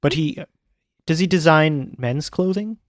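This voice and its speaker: A man on a podcast making dry deadpan jokes in casual chat. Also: fairly high pitch, unhurried, dry recording. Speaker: podcast co-host.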